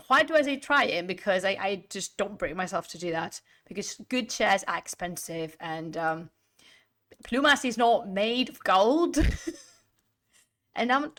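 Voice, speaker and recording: A woman's voice: mid-range voice, a bit bright. A woman live-streaming from home, chatting casually with viewers, rambling and restarting her sentences while sitting back from her desk mic. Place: home room. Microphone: desk mic, sitting away from it.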